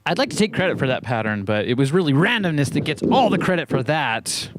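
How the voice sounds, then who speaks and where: A playful, self-mocking man talks casually in a home studio, his voice swooping wildly up and down in pitch. He laughs often as he jams, and faint synth music plays behind him. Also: big pitch swings, fast talker. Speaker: synth video host. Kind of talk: casual chat over live synth jamming.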